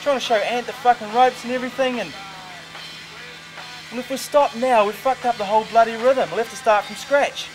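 An actor doing a brash young New Zealander with a strong Kiwi accent, swaggering and swearing through every sentence. His voice sits a touch high for a man, with music playing behind. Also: animated, normal speed, long pauses, fairly bright tone, rough recording. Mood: wheedling. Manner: crude, swaggering, swears constantly. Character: brash foul-mouthed young Kiwi car washer. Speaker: car yard worker. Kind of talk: naturalistic indie film acting.

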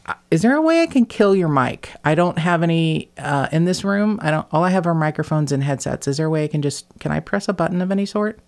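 A woman with a flat Midwestern accent hosting a podcast, chatting casually, blunt and sarcastic with frequent swearing. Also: low-pitched, quick pace, few pauses. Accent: Midwest General American. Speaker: podcast host.

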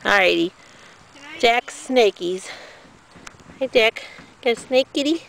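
A woman's voice: a little high, lively intonation, slow, vocal fry, fairly bright tone, slight background noise, rough recording. A woman filming her pet cat outdoors, chatting in playful baby talk and laughing often. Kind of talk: casual home video chatter. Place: outdoors in a rural yard or field.

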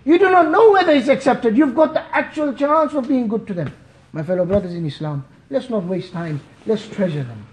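A man from Malawi delivering an emotional Friday sermon, impassioned and pleading, at times near shouting. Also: extremely high pitch, animated, fairly quick. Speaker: preacher. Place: mosque. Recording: echoey mosque hall.

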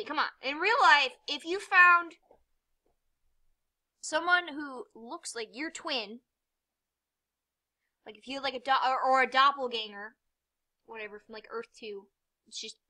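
A young woman with a slightly high, bright voice and a forceful tone does rambling let's-play commentary as a gamer. She mocks herself, swears freely, and breaks into sudden yelps and muttered asides.

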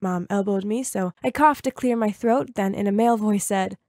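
A woman in her twenties narrating a first-person story in a lively, confiding way. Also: mid-range voice, moderate pace, hardly any pauses, no room sound, clean studio sound.

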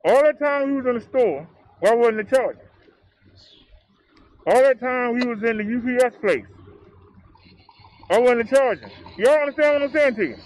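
A man's voice: extremely high pitch, expressive, normal speed, pauses often, a little mellow, rough recording. A man vlogging from a drive, talking casually to his viewers in a puzzled, chatty way. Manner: puzzled, talks to viewers, says y'all. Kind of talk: casual chat. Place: inside a car on a drive. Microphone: 360 camera. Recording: music playing in the background.

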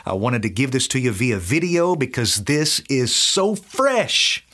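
Preacher guy w southern accent, excited bible teaching, voice jumps all over. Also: mid-range voice, moderate pace. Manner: enthusiastic, acts out quoted dialogue.

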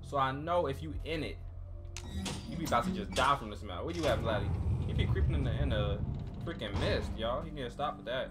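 A man's voice: mid-range voice, animated, a little fast, loud music behind the voice. Man joking through gameplay commentary. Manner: casual, joking, talks to viewers as y'all. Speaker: gaming YouTuber.

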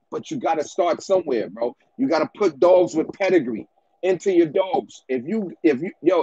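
A man's voice: high voice, a little mellow, breathy edge, dull audio. A man who breeds dogs, giving business advice in a casual rant to the camera, slangy and repetitive, often ending lines with "bro" and "man".

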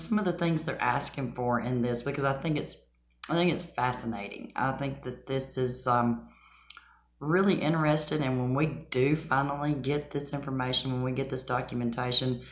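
Very low-voiced chatty woman, echoey room. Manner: chatty, emphatic, scoffing asides. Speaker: channel host. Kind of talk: casual commentary.

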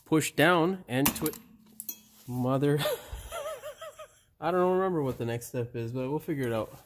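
A man's voice: a little high, wildly swooping pitch, unhurried, pauses often, background noise. A man hosting a DIY car repair channel, walking viewers through a brake job and then swearing and laughing at his own mistakes in the outtakes. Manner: upbeat sign-off patter. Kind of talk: how-to narration with bloopers. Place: driveway or garage.

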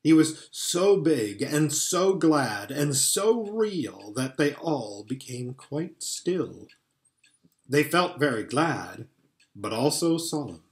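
A man reading a storybook aloud with a fairly high, very lively voice. He reads expressively, letting his pitch swing widely, and sometimes trips over a word and starts it again. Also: slow pace. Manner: expressive, occasional stumbles and restarts. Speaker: audiobook reader.

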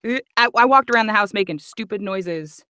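A woman's voice: mid-range voice, a little fast, pushed and bright, clear, resonant tone, no echo, clean studio sound. A woman audiobook narrator in casual livestream chat, chatty and giggly. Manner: chatty and giggly, nerdy about accents.

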